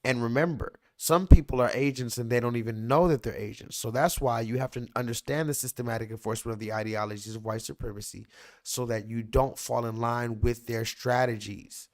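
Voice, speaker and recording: A man's voice: medium pitch, brisk. Livestream host, male, casual and heated, tells the story straight to the audience. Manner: animated, profane ranting.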